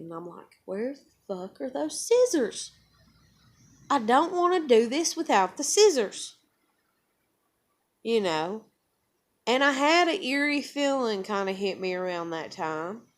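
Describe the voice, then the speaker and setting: A woman with a drawl rambles through a personal story and swears freely. She acts out what everyone said in a casual, unscripted way. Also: medium pitch. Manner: rambling, profane, acts out dialogue. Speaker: vlogger telling a personal story.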